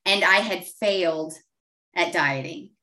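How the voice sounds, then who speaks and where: A woman's voice: fairly low pitch, takes it slowly, bright, forceful tone, recorded from a distance. Emotional woman telling her story. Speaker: coaching client. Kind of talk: testimonial interview.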